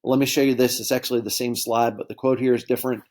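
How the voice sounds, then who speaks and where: A man's voice: mid-range voice, flat delivery, very fast, a little mellow. Male history teacher, easygoing classroom lecture, frequent check-ins with students. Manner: conversational, keeps addressing students as guys with frequent okay and right checks.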